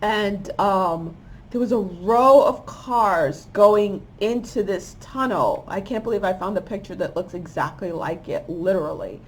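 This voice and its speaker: A woman tells a long story of a vision in a casual, rambling way. She grows animated and puts on the voices of the people in it. Her voice sits at an ordinary middle pitch. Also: unhurried, a little hiss or hum. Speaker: spiritual channel host.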